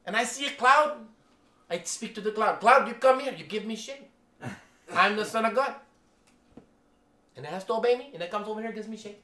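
A man's voice: high-pitched, a little fast, pauses often, bright, forceful tone, echoey room, pitched above the performer's own voice. A man voicing a cheerful, boastful bald pastor from the Philippines, with a Filipino accent.

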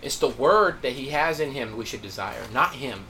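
A man preaching a sermon, telling a story with animated delivery and acted-out quotes. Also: mid-range voice, moderate pace, noisy background.

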